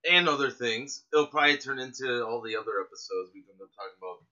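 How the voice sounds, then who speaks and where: Jokey man with a very bright voice. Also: mid-range voice, lively intonation. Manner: jokey, quick asides. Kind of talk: casual radio chat. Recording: dull lo-fi radio recording.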